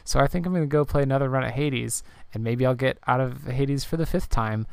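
A man hosting a relaxed gaming podcast, sleepy and rambling, with many fillers. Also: mid-range voice, a little fast, creaky, smooth, no echo. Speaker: podcast host. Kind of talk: casual game playthrough chat.

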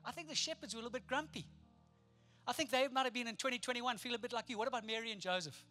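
A man delivers a lively sermon in a high register. His tone is bright and ringing, and he slips playfully into the people he describes. Faint music plays behind him. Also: rapid-fire. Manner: animated, playful, acts out the people in the story. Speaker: pastor.

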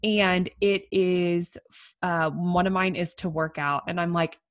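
A woman's voice: on the low side, steady tone, measured pace. A young woman co-hosting a podcast, chatting casually and filling her talk with "like", laughing easily. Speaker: podcast co-host. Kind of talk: casual chat.

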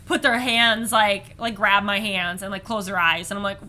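Bright-voiced young woman telling her story. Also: medium pitch, fairly even intonation, moderate pace. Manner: chatty, many "like"s, acts out quoted voices. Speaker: podcast host. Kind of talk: casual faith podcast storytelling.

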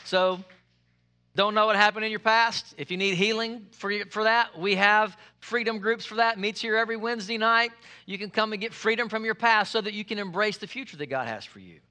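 A male pastor preaching a sermon, lively and joking with the congregation, repeating his key phrases. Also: high voice, brisk, clear, resonant tone.

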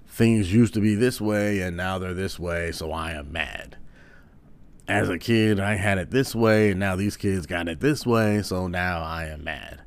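A man voicing a grumpy old man who complains about how things used to be, in a low, muttering voice. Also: a little slow, smooth. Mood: grumbling.

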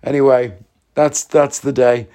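A man's voice: mid-range voice, level tone, a little slow, dark tone. A young man, hosting a podcast and telling a story in casual chat, joking and laughing as he goes. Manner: chatty, jokey, laughs at his own stories. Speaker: podcast host.

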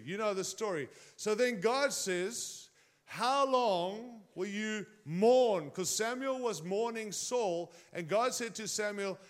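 A man preaching a sermon in a conversational way, often turning to the congregation with direct questions. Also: high-pitched.

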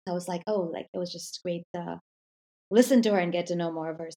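A woman's voice: lowish voice, fairly even intonation, fast talker, dark tone. A woman hosting a podcast interview, chatting casually and asking long, rambling questions. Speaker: podcast host.

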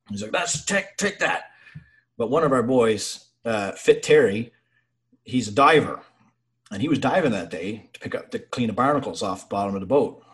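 A young man telling profane, animated stories from his naval service in casual chat. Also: lowish voice.

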